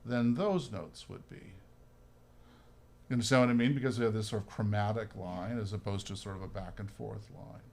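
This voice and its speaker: A man's voice: lowish voice, normal speed, gravelly. Chatty man coaching a string group. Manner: chatty, sings phrases, frequent "right?" and "okay?". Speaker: violin workshop leader. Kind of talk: hands-on music coaching. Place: room with musicians playing.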